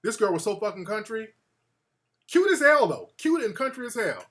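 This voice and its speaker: Animated, profane male storyteller. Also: high-pitched, normal speed. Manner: animated, profane, laughing between lines. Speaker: show host. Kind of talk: comic storytelling monologue.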